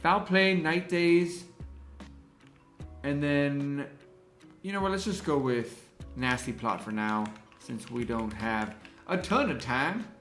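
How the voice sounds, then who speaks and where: A man with a slightly high voice hosts a relaxed livestream and takes his time, thinking out loud as he works on a design. He talks in an unhurried, easy way and stops to greet his chat. The room sounds roomy, with soft music playing behind him. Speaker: livestream host and graphic designer.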